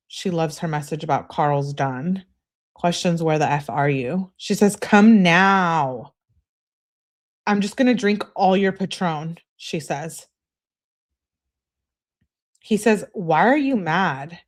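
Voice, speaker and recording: A woman's voice: fairly low pitch, a little mellow. A woman hosting a true crime channel, reading text messages aloud to her viewers and adding casual, chatty commentary.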